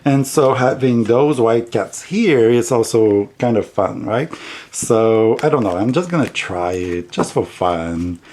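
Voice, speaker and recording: A man's voice: mid-range voice, animated, a little slow, darkish tone. A man with a heavy non-native accent chatting casually on his tarot vlog, rambling and giggling as he goes. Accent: heavy non-native English accent. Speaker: tarot vlogger.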